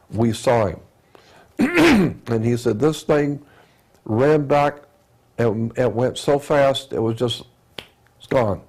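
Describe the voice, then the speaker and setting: A man with a gravelly, mellow voice tells a story in a loose, repetitive ramble. He keeps looping back to "he said" and stumbles over his words. His pitch sits in the middle range. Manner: halting, with self-corrections and throat clearing. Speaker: speaker retelling an eyewitness account.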